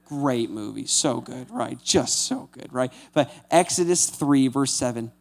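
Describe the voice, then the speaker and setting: A male pastor giving a conversational sermon. He makes casual asides like "right?" and acts out scripture quotes in lively voices. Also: mid-range voice, a little slow, gravelly.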